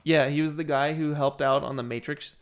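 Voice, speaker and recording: A man hosting a casual livestream, excitable and slangy, calling people dude. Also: fairly high pitch, brisk. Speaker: livestream host.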